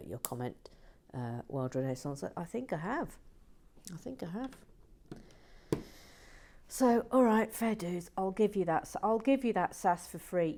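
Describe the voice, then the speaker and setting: A woman chatting casually while building, playful and teasing, often dropping into soft whispered asides. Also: on the low side, slight background noise. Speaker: LEGO building vlogger. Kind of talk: casual chat while building and reading comments.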